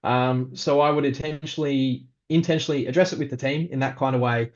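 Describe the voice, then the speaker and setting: Aussie pastor guy teaching team leadership, laid-back chatty delivery, lots of ums, mid-pitched, slightly dull lo-fi audio. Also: brisk. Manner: conversational, relaxed, frequent ums, acts out example phrases. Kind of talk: practical leadership teaching talk.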